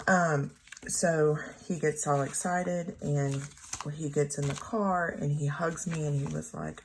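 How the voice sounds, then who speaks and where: A woman in her thirties telling a personal story at home in a rambling, halting way, often correcting herself. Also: sits low, gravelly, husky. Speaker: planner vlogger. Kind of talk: casual storytelling while journaling. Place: home room.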